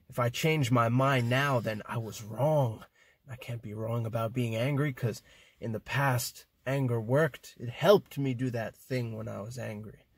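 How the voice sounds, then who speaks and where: A man's voice: mid-range voice, no room sound. A man hosting a casual podcast conversation, talking in a reflective, musing way with lots of filler words. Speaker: podcast host.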